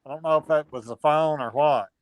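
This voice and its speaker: A man on a livestream reading out viewer comments in a halting, casual way. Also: a little high, dry recording. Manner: halting, restarts names while reading chat. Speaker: reads viewer chat on a livestream. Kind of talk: casual chat.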